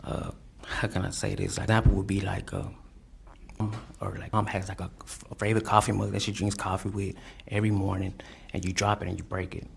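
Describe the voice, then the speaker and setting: A man giving courtroom testimony, halting and repeating his words, often adding "you know what I'm saying". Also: low voice, level tone, vocal fry, a little hiss or hum. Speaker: defendant testifying.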